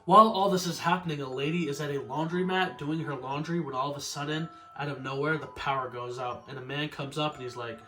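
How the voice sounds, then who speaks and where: A man casually reviewing an old horror episode in a relaxed, slangy way, swearing now and then. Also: a little high, brisk, hardly any pauses, a little hiss or hum.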